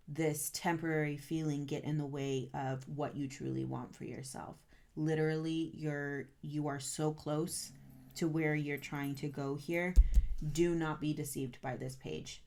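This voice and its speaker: A woman's voice: low-pitched, creaky, a little mellow. A woman giving an earnest, encouraging tarot reading, often checking in with "right?" and getting a little stern as she urges the listener on. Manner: gets stern and amped up. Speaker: tarot reader.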